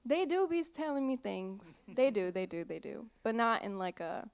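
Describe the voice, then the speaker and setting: A woman's voice: fairly high pitch, big pitch swings, moderate pace, gravelly, smooth. A young woman singer chatting casually in an on-stage interview in a small theater, giggly and rambling, losing her train of thought. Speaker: singer-songwriter guest.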